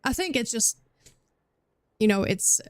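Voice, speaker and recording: A woman's voice: a little high, lively intonation, a little slow, no echo, clean studio sound. A young German woman with a slight Scandinavian tinge to her accent, chatting casually with viewers on a livestream, rambling and often restarting her sentences. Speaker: livestream streamer. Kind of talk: casual chat with viewers while gaming.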